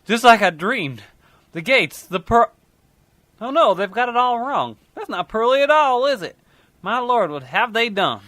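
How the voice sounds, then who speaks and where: A man voicing a newly dead Southern man arriving in heaven, with a theatrical, wonder-struck delivery in a rough comedy sketch. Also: very high voice, big pitch swings, measured pace, pushed and bright, dry recording, voice pushed up, full character voice. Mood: awestruck.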